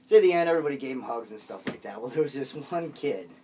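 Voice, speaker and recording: A man's voice: medium pitch, lively intonation, quick pace, a little mellow, distant mic, a little hiss or hum. Rambling man telling a comic story. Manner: rambling, full of fillers and cursing.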